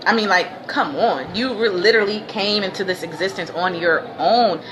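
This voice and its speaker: A woman's voice: medium pitch, normal speed. A woman hosting a casual livestream, talking in laid-back slang, laughing often and breaking into preachy bursts. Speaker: livestream host. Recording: noisy ambience behind.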